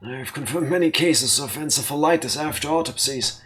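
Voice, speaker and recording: A woman's voice: deep voice, brisk, soft background music, lightly acted. A woman voicing an elderly male grandfather scientist who lectures formally and politely. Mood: lecturing.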